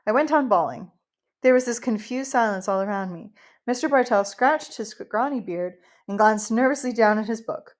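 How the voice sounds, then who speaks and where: A woman narrating a first-person novel as an audiobook in an emotional, heartfelt, expressive way. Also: a little high, moderate pace.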